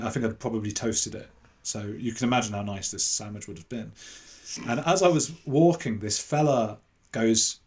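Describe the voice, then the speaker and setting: A man from London with an English accent that sits between posh and London, telling anecdotes as a podcast guest, animated, with self-deprecating asides and fillers. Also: fairly low pitch, a little fast. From London, England. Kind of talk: casual storytelling interview.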